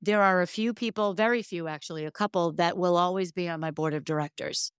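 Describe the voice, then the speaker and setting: A woman's voice: lowish voice, fairly quick, clear, resonant tone, no echo, studio quality. A middle-aged woman hosting a solo podcast, talking earnestly and emphatically about careers. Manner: earnest and emphatic, emotional at times. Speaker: podcast host.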